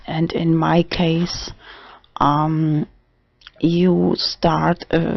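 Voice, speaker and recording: A trans man talking haltingly in a casual video diary, with many restarts and fillers. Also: fairly high pitch, gravelly, no echo. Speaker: vlogger. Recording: dull dry lo-fi recording.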